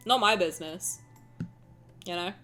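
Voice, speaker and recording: A woman on a live stream, voice on the low side and fairly bright, speaking a little slowly over faint background music. She chats casually with her viewers while gaming, rambling in a tired, self-deprecating way.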